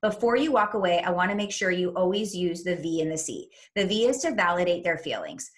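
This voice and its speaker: A woman's voice: lowish voice, sing-song, a little fast, hardly any pauses. Woman parenting coach giving advice. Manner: upbeat, instructive, acts out what parents say to kids. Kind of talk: podcast interview advice.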